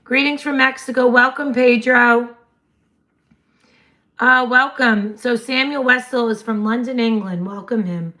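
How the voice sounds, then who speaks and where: A woman, hosting a casual livestream chat in a slightly hoarse voice and laughing often. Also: on the high side, steady tone, measured pace, sharp tone. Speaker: livestream host.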